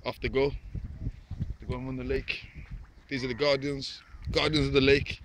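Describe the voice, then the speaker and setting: Recorded on a phone outdoors by a lake, with plenty of noise, a man chats casually to camera, laid-back and repetitive, even talking to the birds. He speaks at normal speed in a mid-range, level, fairly bright voice.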